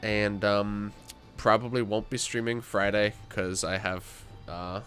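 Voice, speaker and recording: A man's voice: lowish voice, flat delivery, a little slow, fairly bright tone, faint music behind. A young man livestreaming a game while sick and tired, chatting casually with viewers, with frequent fillers, restarts and the odd voice crack. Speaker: gaming livestreamer.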